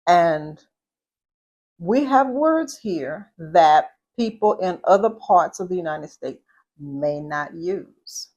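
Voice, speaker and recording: A middle-aged woman from Southeast Louisiana, with a Southern accent and a fairly low, darkish voice, gives instruction on etiquette and speech. Her delivery is deliberate yet animated, and she repeats points and poses questions to the listener.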